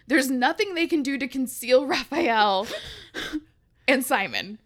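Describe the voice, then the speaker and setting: A woman hosting a casual podcast chat, lively and quick to laugh and swear. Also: high voice. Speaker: podcast host.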